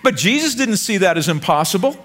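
A pastor from the United States, a man, preaching a sermon in an energetic, joking way, repeating lines and stumbling over words. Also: sits high, fairly quick.

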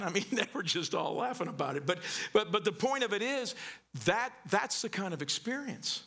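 High, bright-voiced preacher from Missouri. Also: male voice, lively intonation, moderate pace, vocal fry. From southern Missouri. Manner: conversational, stammering restarts, storytelling. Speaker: pastor. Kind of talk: sermon.

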